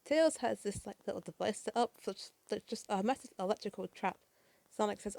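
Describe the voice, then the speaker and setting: A woman's voice: mid-range voice, fairly quick, vocal fry, a little mellow, dry recording. A woman narrating a comic book issue in a chatty, casual way, with swearing, fillers and side remarks. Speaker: comic reader.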